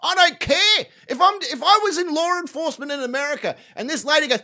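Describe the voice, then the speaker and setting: A man's voice: very high voice, lively intonation, quick pace, pushed and bright. A man with an Australian accent hosting a live stream, giving crude, rambling, swaggering commentary on videos.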